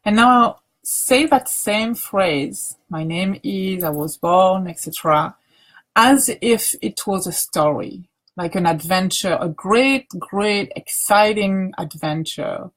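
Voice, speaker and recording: A woman teacher leading a guided grounding practice, speaking softly with many pauses and restarts. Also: mid-range voice, animated. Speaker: meditation teacher.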